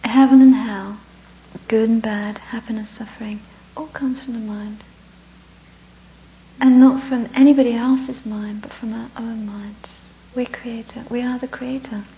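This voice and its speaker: With a warm tone, a female Buddhist teacher builds her talk around a story, laughing between lines and using breathy whispers to stress key points. Her voice sits a little high and sounds gravelly. A faint hum runs under the dull, lo-fi recording.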